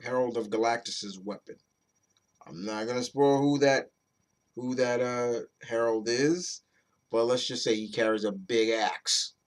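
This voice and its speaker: A man at an ordinary middle pitch talks through a comic book review in a loose, rambling way. He swears now and then, restarts sentences often, and keeps it casual and chatty. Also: steady tone, unhurried.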